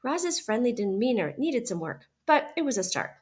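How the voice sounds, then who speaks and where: A woman teacher reading a children's novel aloud with expressive narration. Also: fairly high pitch, normal speed, slightly rough.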